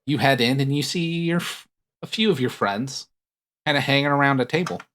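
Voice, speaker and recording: A man runs a tabletop role-playing game for his friends. He narrates the scene in an easy, joking way. His voice sounds bright and a little sharp, at an ordinary pitch for a man. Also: brisk. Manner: relaxed, joking scene-setting. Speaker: game master.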